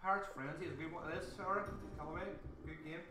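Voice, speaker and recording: An excitable Irish man hosting a live slots stream, chatting casually with viewers and cheering loudly at bonus rounds. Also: on the high side, fast, noisy background. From Ireland. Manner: casual chatty banter with swearing. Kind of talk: live stream chat reading out viewers' comments. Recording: roomy echo with game music behind.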